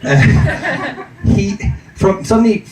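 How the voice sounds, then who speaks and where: A man telling a stand-up story on stage in a self-mocking, animated way. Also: sits high, slow, heavy background noise. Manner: self-mocking, animated, laughing through lines. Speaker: stand-up comedian. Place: comedy venue stage. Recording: echoey stage from far off with loud audience.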